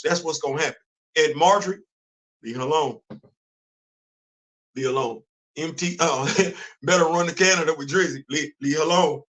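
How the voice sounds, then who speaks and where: High, bright-voiced man hosting a live chat. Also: low-quality recording. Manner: animated, repeats phrases for emphasis, shifts loud to quiet. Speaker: host of a live comics and culture show. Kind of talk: casual live-stream chat.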